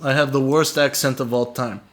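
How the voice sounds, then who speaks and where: A man's voice: mid-range voice, steady tone, moderate pace, natural voice. A man doing a mocking impression of a blunt Russian woman assassin, with an exaggerated fake Russian accent and clipped broken phrasing.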